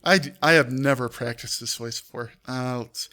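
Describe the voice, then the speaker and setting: A man's voice: medium pitch, a little fast, bright, forceful tone. A man streaming live, reading out a text adventure and breaking off with offhand asides. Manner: reads aloud with offhand asides. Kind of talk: live-streamed game narration.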